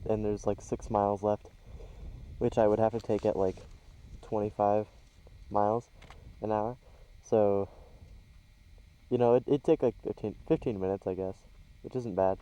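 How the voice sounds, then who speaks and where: Low-voiced man rambling on a vlog. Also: mellow, low-quality recording. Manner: rambling and hesitant, many fillers. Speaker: travel vlogger. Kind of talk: casual vlog narration. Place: outdoors on a trail and a scenic overlook. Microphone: handheld camera mic.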